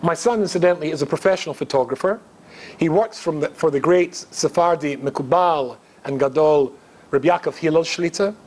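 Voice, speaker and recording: A man's voice: fairly high pitch, fairly quick, darkish tone. A middle-aged man from Scotland, a rabbi giving a humorous storytelling lecture, chatty and joking with asides to the audience. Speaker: rabbi and guest speaker.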